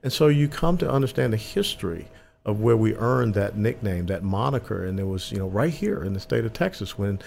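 Older veteran guest, low and gravelly, earnest with emphasis. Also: male voice, expressive, a little fast, darkish tone, a little hiss or hum. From Atlanta, Georgia, US. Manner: earnest, emphatic, repeats words when starting. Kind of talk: conversational interview.

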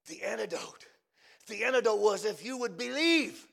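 High, gravelly shouting preacher. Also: male voice, animated. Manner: swings between shouting and hushed low phrases, drawn-out words. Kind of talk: fiery revival sermon.

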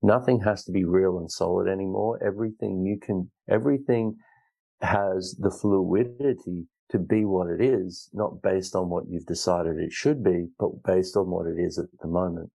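A man's voice: deep voice, fairly even intonation, normal speed, gravelly, dark tone, breathy edge, poor audio. A man hosting a solo self-help podcast, talking in an earnest, rambling way with frequent restarts. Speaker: podcast host. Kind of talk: reflective solo podcast talk.

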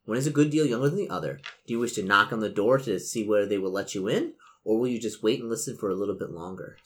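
A man's voice: lowish voice, quick pace. A man acting as game master, reading a gamebook's narration to his players with dry asides.

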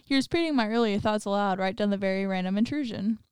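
Very clear-voiced woman reading horror aloud. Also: medium pitch, fast talker, darkish tone, no echo, studio quality. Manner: laughs often, chatty asides with lots of "like". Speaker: story reader. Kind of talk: reading a horror story aloud with casual commentary.

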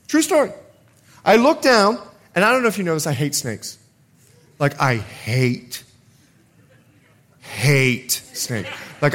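A male pastor preaching a sermon at a church service, telling stories with humor. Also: on the high side. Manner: animated storytelling with humor.

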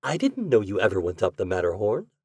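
A man reading aloud voices a polite young wife in a storybook tale, speaking in a soft, gracious way. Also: fairly low pitch, huge pitch swings, a little fast, breathy edge, no room sound, clean studio sound, full character voice. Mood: surprised.

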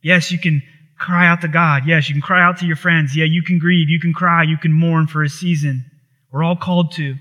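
A man delivering a sermon in a high, bright voice. He preaches with passion, repeating phrases as he builds intensity. His delivery is earnest and pastoral. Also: fairly even intonation, moderate pace. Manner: impassioned preaching with rising intensity and repetition.

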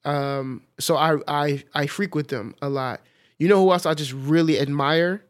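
A man co-hosting a podcast in casual chat, animated, often laughing, with many fillers. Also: a little high, moderate pace. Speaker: podcast co-host.

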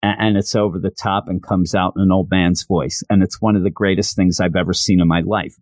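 A man giving an enthusiastic, rambling recap of an animated series. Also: low-pitched, brisk, no echo. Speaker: show reviewer. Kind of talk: casual recap.

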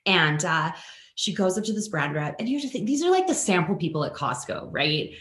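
A woman from Canada, a guest on a podcast, telling a story in a casual way and acting out the people she quotes with big jumps in pitch. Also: very animated, a little fast, fairly bright tone. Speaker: guest, influencer and author. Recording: roomy echoing room.

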